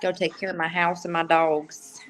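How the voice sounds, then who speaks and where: A woman co-hosts a livestream sports chat in a fairly low voice. She is chatty and easygoing throughout. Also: flat delivery, normal speed, poor audio.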